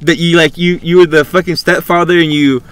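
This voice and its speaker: A man's voice: fairly high pitch, fairly even intonation, fairly quick, clean tone, no echo. A man hosting a podcast, talking casually into a podcast mic in a loose, rambling way full of fillers and swearing. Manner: rambling, filler-heavy and profane. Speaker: podcast host. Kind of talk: casual chat. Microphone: podcast microphone.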